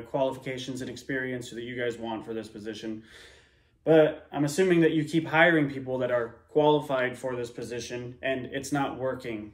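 Rambling, profane man in an echoey room. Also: mid-range voice. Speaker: reaction video host. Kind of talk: casual reaction commentary.

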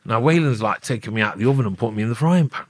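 A man's voice: mid-range voice, racing, dry recording. A middle-aged man with a Nottingham accent, a podcast guest telling his story bluntly in a casual interview, with plenty of swearing. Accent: Nottingham English. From Nottingham, England.

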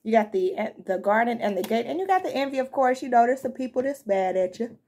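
A woman's voice: on the high side, expressive, fast talker, warm tone. A woman giving a casual, slangy tarot reading to her viewers, sounding like she just woke up. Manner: chatty, slangy, addresses viewers as y'all and fam. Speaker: tarot reader.

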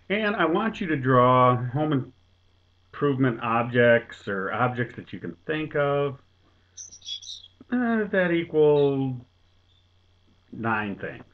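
A man's voice: medium pitch, a little hiss or hum. A man voicing a puzzled male store manager, polite and baffled. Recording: tinny phone-like sound.

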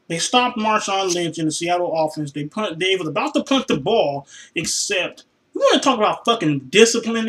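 This exasperated fan vlogger reacts to his team's defeat from his room, unscripted and raw. His high, bright voice swings from weary, sighing mumbles to cursing outbursts, and the audio quality is poor.

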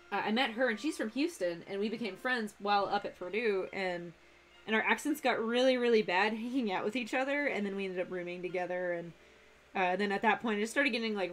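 With a little hiss or hum on the recording, a young woman speaks in a medium-pitched voice while sewing on a live stream. A cosplay streamer from Texas with a faint accent, she's chatty and rambling, often cutting herself off with a laugh.

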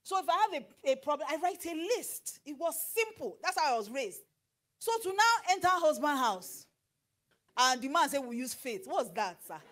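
A middle-aged Nigerian woman preaching on marriage, animated and slipping into pidgin with acted asides. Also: high voice, normal speed. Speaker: pastor and marriage counselor. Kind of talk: sermon.

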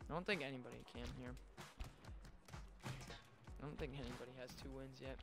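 A young man giving casual, excitable commentary while playing a video game. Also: medium pitch, brisk, creaky, long pauses, music in the background. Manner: excitable, yelps and shouts at sudden moments. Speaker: gaming video host.

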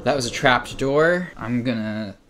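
A young man streaming a horror game, commenting in an exasperated way and breaking into shouts and laughs. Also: mid-range voice, animated, unhurried. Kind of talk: frustrated gameplay commentary.

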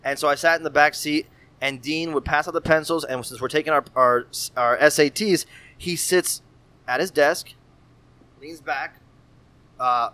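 Brief: man, 30s, slightly higher voice, lively slangy storyteller on a podcast, swears freely. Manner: animated, profane, slangy with frequent "bro". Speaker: guest artist.

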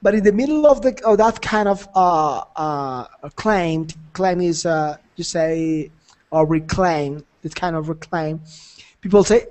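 A man's voice: a little high, unhurried, a little mellow. A man teaching an English conversation class, encouraging and repetitive, laughing often.

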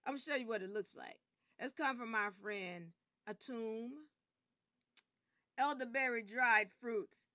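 A woman hosting an online game show livestream. She talks emphatically and sometimes bursts out loudly. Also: fairly high pitch, measured pace, long pauses, dry recording, muffled recording. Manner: animated and emphatic, bursts into loud outbursts. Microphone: camera rig.

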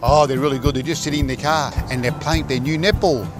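An actor playing a cheerful single dad in a comedy sketch, talking in a lively, chatty way. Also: male voice, medium pitch, quick pace, close to an everyday voice. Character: cheerful single dad minding his kids. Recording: music playing under the voice.

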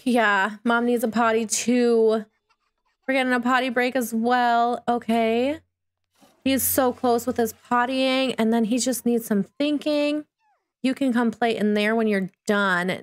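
Woman gamer, bubbly and chatty, fairly high voice, for playthrough commentary. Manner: bubbly, chatty, excitable with sudden squeals. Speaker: gaming YouTuber. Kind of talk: Let's Play commentary.

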